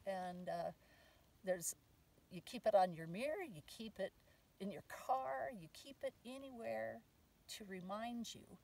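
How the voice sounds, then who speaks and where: A woman teaching a family practice in a casual way, saying the affirmations out loud with emphasis while outdoors on a sand dune. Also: medium pitch, unhurried, gravelly, distant mic, rough recording. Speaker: mother teaching the medicine wheel.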